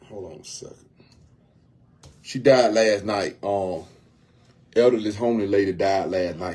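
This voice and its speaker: A man's voice: lowish voice, measured pace, long pauses, warm tone. A man talking casually on a livestream from home, earnest and often repeating himself as he speaks about helping people in need. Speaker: homeless outreach volunteer.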